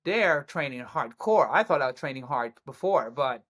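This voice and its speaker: A woman from Germany, a guest actress talking excitedly about her career in a casual interview, with frequent restarts. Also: rumbling low, moderate pace.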